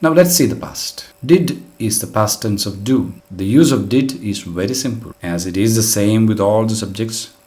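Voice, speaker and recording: A man's voice: on the low side, a little mellow. A man teaching an English grammar lesson, explaining rules patiently and step by step with plenty of example sentences.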